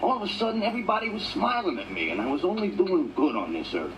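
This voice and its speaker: An actor playing a big, gruff male bricklayer in a mental ward, talking slowly, plainly and deadpan. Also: sits high, distant mic, a little hiss or hum, full character voice, low-quality recording. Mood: matter-of-fact.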